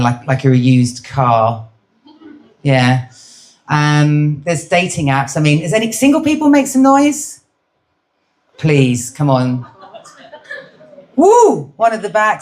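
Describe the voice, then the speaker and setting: In a low, slightly mellow voice, a middle-aged stand-up from Britain does crowd work, cheekily chatting with her audience at a live comedy venue.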